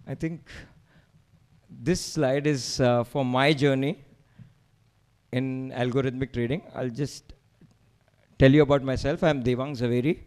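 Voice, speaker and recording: A man's voice: mid-range voice, steady tone, a little slow, pauses often, darkish tone, clean tone. A man with an Indian accent giving an emphatic slide presentation to a meetup, rallying the audience with rhetorical questions.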